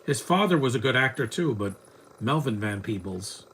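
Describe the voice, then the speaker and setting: A man's voice: mid-range voice, expressive, normal speed, a bit bright, a little hiss or hum. A man giving casual live commentary on a movie, rambling and mocking what he sees on screen. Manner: rambling, chatty, mocking the film.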